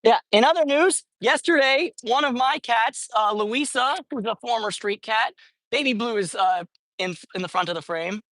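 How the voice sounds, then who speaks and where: A woman's voice: fairly high pitch, moderate pace, a bit bright, no echo. A woman chatting casually on a livestream while feeding street cats, rambling and often correcting herself. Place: outdoors at a street cat feeding spot.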